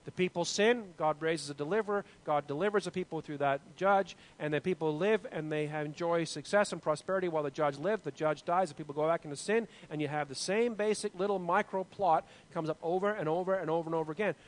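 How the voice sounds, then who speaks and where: A Bible teacher in his forties leads an informal lesson, quizzing the class and often restarting his sentences. He talks quickly with hardly any pauses in a slightly high voice, and the recording is rough.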